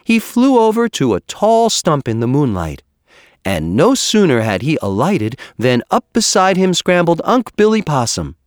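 A man reading a children's animal story aloud with an expressive, measured storytelling manner. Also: a little high, dry recording, clean studio sound. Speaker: narrator. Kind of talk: storybook narration.

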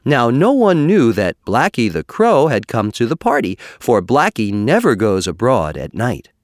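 A man reading a children's animal story aloud with an expressive, measured storytelling manner. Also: medium pitch, no echo, studio quality. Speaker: narrator. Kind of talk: storybook narration.

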